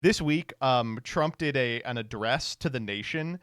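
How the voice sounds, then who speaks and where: A man's voice: mid-range voice, a little slow, fairly bright tone, smooth, no echo, clean studio sound. A man streamer giving casual reaction commentary, sardonic and profane, laughing often.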